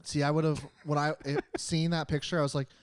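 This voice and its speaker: A man's voice: on the high side, little pitch movement, brisk, no room sound. A young man co-hosting a podcast, asking curious questions in casual chat. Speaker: podcast co-host.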